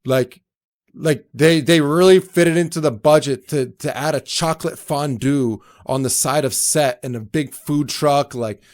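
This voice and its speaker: A young man, a guest in a casual interview, telling animated stories and acting out other people's voices, with lots of fillers. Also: a little high, a little slow. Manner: animated, acts out quoted voices, many fillers. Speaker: actor and entrepreneur, guest.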